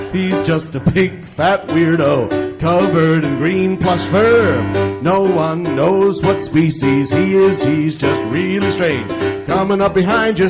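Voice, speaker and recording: A man on stage at a live comedy show, singing silly improvised songs loudly over his own guitar. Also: high-pitched. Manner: silly sung improvisation, loud and jokey. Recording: guitar playing loudly behind. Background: acoustic guitar.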